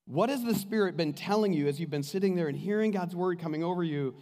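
High-voiced preacher man in a reverberant hall. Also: quick pace. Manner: impassioned preaching, swings from loud to hushed. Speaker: pastor. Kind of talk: sermon.

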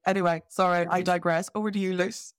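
Woman hosting a podcast, chatty and jokey, gets animated, dry close mic. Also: lowish voice, fast talker, no echo. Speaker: podcast host. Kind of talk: casual conversational interview.

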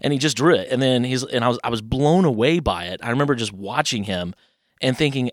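A man's voice: mid-range voice, fast talker, no echo, clean studio sound. A man in his thirties from Kentucky, a podcast guest telling rambling childhood stories and animating the voices of people he quotes. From Louisville, Kentucky. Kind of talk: casual interview storytelling.

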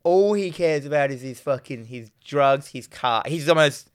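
A man's voice: on the high side, expressive, normal speed, clear, resonant tone, no room sound, studio quality. A man casually recapping a film in a podcast chat, swearing freely and acting out the characters' lines. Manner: laid-back and sweary, acts out characters' lines.

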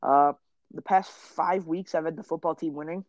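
A man's voice: fairly high pitch, fairly even intonation, moderate pace, dry recording, lo-fi sound. A young man co-hosting a casual sports podcast, brash and joking, swearing freely. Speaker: podcast co-host.

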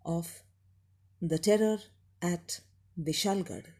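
A woman narrating a story in a measured, unhurried way. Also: on the low side, a little mellow.

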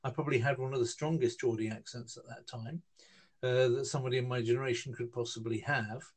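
A man in his fifties from northern England, speaking, telling a long personal story in a relaxed interview, with lots of fillers and restarts. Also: mid-range voice, fast. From Newcastle, northern England. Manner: rambling, hesitant, with many fillers and restarts. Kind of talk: casual storytelling conversation.

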